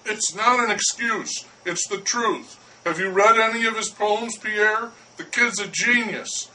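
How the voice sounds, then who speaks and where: A man's voice: high voice, a little slow, bright, forceful tone, recorded from a distance, a little hiss or hum, exaggerated voice, poor audio. A man voicing a condescending poet who coolly talks down to a baker. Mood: patronizing. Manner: smooth, patronizing, persuasive. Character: languid condescending male poet.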